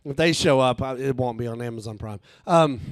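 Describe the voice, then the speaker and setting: A man's voice: medium pitch, dry recording. A man doing a rambling, crude stand-up set on a live stage, laughing at his own jokes. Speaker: stand-up comedian and author.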